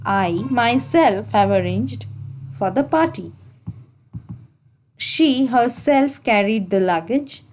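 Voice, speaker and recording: A woman with a fairly high voice teaches a grammar lesson for exam students. She speaks slowly and deliberately, repeating key points and correcting herself mid-sentence as she goes. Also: animated, darkish tone, slight background noise. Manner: slow, deliberate explaining with repetition and self-corrections.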